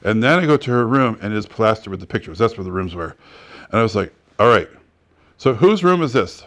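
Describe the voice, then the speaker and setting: A fast-talking man with a fairly low voice teaches a real estate class. He tells anecdotes like an animated storyteller, acting out the dialogue and laughing often.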